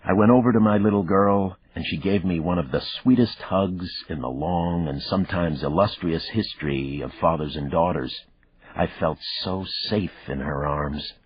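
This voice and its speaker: A man narrating a thriller audiobook in the first person, measured and even, in a dull, dry recording. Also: deep voice, slightly rough, no room sound.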